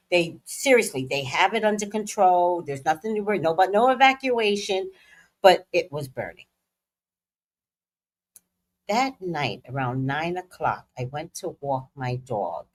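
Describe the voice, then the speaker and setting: A middle-aged woman hosting a casual livestream, playful and dramatic with slangy asides. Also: fairly low pitch. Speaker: psychic livestream host.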